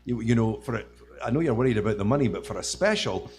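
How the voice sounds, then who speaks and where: A man's voice: lowish voice, lively intonation, darkish tone, close to an everyday voice. A man with a northeast Scottish accent voicing a polite, coaxing male newspaper clerk in a joke. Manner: coaxing, hurried.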